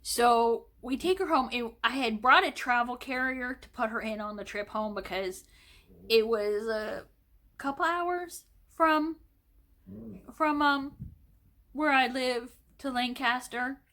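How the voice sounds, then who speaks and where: A woman vlogger telling a personal story in a slow, emotional, rambling way, with many fillers and restarts. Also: a little high, fairly bright tone.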